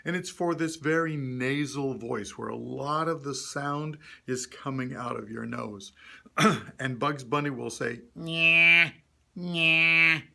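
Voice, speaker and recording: A man's voice: mid-range voice, unhurried, creaky, a bit bright. A man teaching puppet character voices to a group, demonstrating sounds and cheering learners on. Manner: encouraging, demonstrates voices then asks learners to try. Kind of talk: instructional talk to a group.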